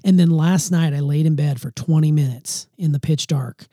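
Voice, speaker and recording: A man's voice: fairly high pitch, normal speed, dark tone, no echo, clean studio sound. A man in his forties hosting a podcast with his daughter, talking candidly and playfully about his own faults. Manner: candid, self-deprecating, playful. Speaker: podcast host. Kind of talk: casual family podcast chat.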